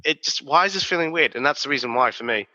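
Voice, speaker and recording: Aussie bloke on a podcast, sharp bright voice, swears a lot, dull boomy recording. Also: male voice, fast talker, long reverb tail. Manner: animated, profane storytelling. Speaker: podcast co-host. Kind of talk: casual podcast chat.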